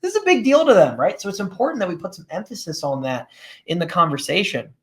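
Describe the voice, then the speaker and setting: Man coaching with a slightly high voice. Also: very animated, fast talker, fairly bright tone. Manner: conversational, often checks in with "right?" and "guys"; plain-spoken, teaches through examples. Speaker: sales coach. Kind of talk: live coaching session.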